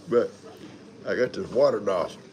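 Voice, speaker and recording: This older man's fairly low voice is animated yet measured in pace as he hosts a casual live stream. He rambles in a homespun way and greets each viewer by turn, with slight background noise in the audio.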